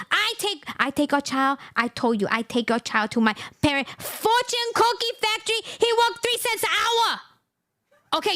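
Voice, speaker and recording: A woman's voice: extremely high pitch, pushed and bright, exaggerated voice. A woman voicing a greedy, demanding woman who barks clipped demands in broken English.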